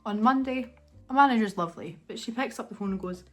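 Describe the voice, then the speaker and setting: A woman's voice: on the high side, quick pace, fairly bright tone, faint music behind. A young woman chatting casually at home for her vlog, rambling and self-mocking as she laughs her way through a story. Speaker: vlogger.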